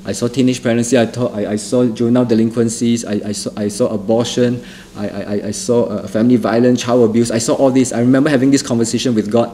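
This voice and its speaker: A middle-aged man tells his testimony in a mellow, warm tone, earnest and often repeating a phrase for weight. He stumbles and restarts now and then, and a faint noise lies under his voice. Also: medium pitch, little pitch movement, fast talker, few pauses. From Singapore. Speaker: testimony speaker. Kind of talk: spoken testimony.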